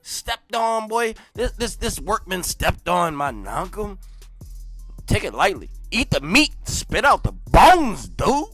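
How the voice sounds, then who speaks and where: A young man reading a history book aloud, breaking in with loud, slangy asides and dropping to quiet mumbled reading. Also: sits high, slow pace, no room sound, soft background music. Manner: animated slangy asides between read passages. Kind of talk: casual read-along with commentary.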